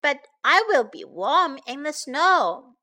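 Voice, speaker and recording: A woman's voice: high voice, big pitch swings, slow pace, pushed and bright, exaggerated voice. Woman doing a proud little hedgehog. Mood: indignant. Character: small stubborn male hedgehog, proud of his hat.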